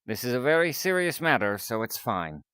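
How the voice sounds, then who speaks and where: A man putting on a low, hushed voice for a courteous scientist doctor, who stays polite and measured even while firmly warning someone off. His delivery is lively and full of rise and fall. The sound is dry and close, with no room echo. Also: clear, resonant tone. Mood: calm, businesslike. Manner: polite but firmly threatening. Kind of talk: live-stream character voice acting.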